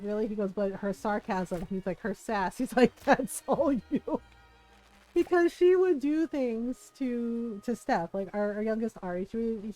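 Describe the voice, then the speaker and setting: A middle-aged woman chats through family stories while she plays a game on a live stream. Her voice sits a little high for a woman. She laughs often and swears casually as she talks. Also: darkish tone, rough recording. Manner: chatty storytelling, laughing often, swears freely. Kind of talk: casual chat while gaming.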